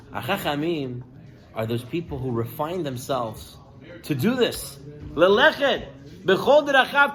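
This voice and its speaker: Male rabbi, sermon storyteller, slightly high voice, animated, acts out the characters. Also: low-quality recording.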